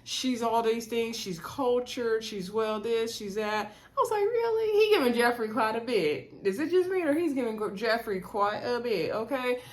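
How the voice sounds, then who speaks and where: A woman's voice: on the high side, moderate pace, hardly any pauses. A woman recapping a reality dating show in a casual, gossipy way, acting out what the cast said. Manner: animated, gossipy, acts out quotes.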